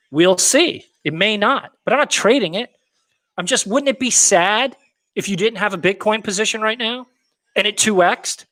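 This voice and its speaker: Hyped-up guy doing a casual stream, bragging and slangy, pretty high, bright sharp voice. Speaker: livestream host reading viewer comments. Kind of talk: casual livestream chat.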